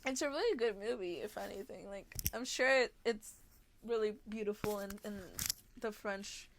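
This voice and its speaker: A woman's voice: medium pitch, moderate pace, a little hiss or hum. A young woman livestreamer chatting casually with her viewers, bubbly and giggly, often gasping and restarting her sentences.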